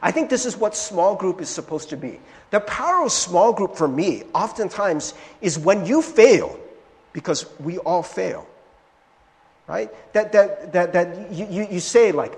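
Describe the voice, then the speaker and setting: A man preaching a sermon as pastor, conversational and animated, with frequent "right?" asides and restarts, in a church sanctuary. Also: high-pitched, a little slow. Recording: long hall reverb from a church sanctuary.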